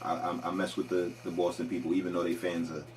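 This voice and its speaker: A young man chiming in on a casual podcast as the host's cousin. He is emphatic and slangy and keeps cutting in with shout-outs. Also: deep voice, monotone, fast, crowd noise.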